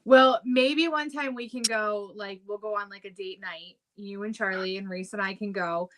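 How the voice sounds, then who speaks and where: A woman's voice: medium pitch, fairly even intonation, moderate pace, fairly bright tone, slight background noise. A young woman co-hosting a casual chat show, upbeat and laughing often, with lots of "um" and "like". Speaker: podcast co-host.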